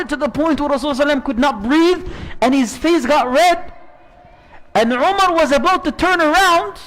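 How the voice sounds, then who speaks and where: Brief: male preacher with a very high voice, animated and conversational, telling a story in a sermon.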